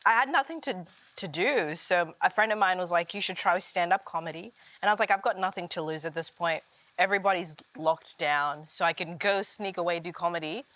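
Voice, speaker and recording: A woman's voice: fairly low pitch, brisk, no room sound. A woman comedian from Uganda with an Australian accent carrying an American R, chatting and telling stories with lots of laughter while cooking. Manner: animated, laughing storyteller. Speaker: guest comedian. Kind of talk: casual chat while cooking.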